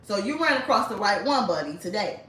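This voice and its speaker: A young woman telling a story in a casual storytime monologue. She talks in an animated way, laughs often and acts out the voices of the people in her story. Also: mid-range voice, brisk. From United States. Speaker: storyteller host. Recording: roomy, mic at a distance.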